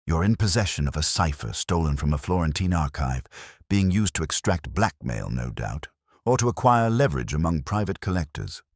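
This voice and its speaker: A cool-headed detective , as a man reads him, who lays out his deductions in crisp, clipped phrases. The voice sits extremely deep yet moves lively through its pitch. It sounds dry and close, with no room around it. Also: moderate pace, no echo, heavily acted. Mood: cool, commanding.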